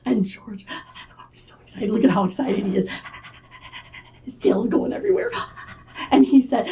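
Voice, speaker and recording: Animated woman reading a kids' storytime. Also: mid-range voice. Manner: animated, slow and expressive, asks the kids questions. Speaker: children's librarian. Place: library. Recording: distant muffled mic with faint hiss.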